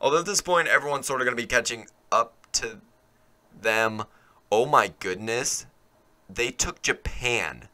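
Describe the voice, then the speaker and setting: A man narrates a strategy game timelapse in a loose, amused commentary style. His tone is very bright and his pitch swings a lot, and he keeps breaking into chuckling asides as he talks. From Ireland.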